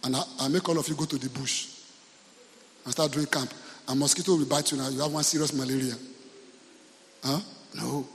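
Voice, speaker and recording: Nigerian pastor preaching in a reverberant church. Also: male voice, medium pitch, steady tone, a little fast, gravelly, long pauses, a little hiss or hum. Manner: storytelling, humorous, asks the congregation questions. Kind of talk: sermon.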